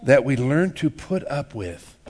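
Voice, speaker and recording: A man's voice: mid-range voice, big pitch swings, unhurried, a little mellow. A man preaching a sermon in a church, folksy and joking, repeating words and acting out little everyday scenes. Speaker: pastor.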